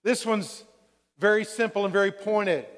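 A man's voice: high-pitched, normal speed, in a large hall. A male pastor preaching a sermon, calling out "Amen?" to the congregation and acting out everyday quotes. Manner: preaching with call-and-response "Amen?" and acted-out quotes.

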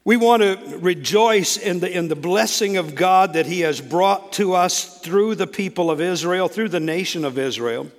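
A man's voice: high-pitched, normal speed, few pauses, in a large hall. A man from the American South with a faint Southern accent, preaching as a guest speaker in a church, exclamatory and full of restarts. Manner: warm, exclamatory, frequent restarts. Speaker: guest preacher, state coordinator. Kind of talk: church sermon. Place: church sanctuary.

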